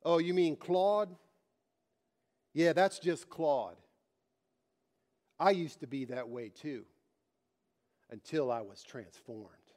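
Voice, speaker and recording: A man voicing a gentle, humble male butterfly who speaks softly and kindly. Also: fairly high pitch, slow, long pauses.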